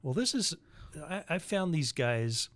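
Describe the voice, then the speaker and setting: A man's voice: on the high side, big pitch swings, a little slow, a bit bright, a little hiss or hum. A man co-hosting a casual political podcast, explaining things in a plain, matter-of-fact way. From Utah, United States. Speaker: podcast co-host.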